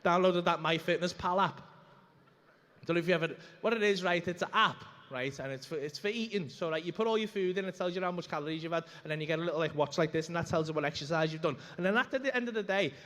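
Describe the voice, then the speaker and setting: A man's voice: fairly high pitch, fast, fairly bright tone. A man doing a stand-up routine on a comedy club stage, brash and sweary as he rambles through stories.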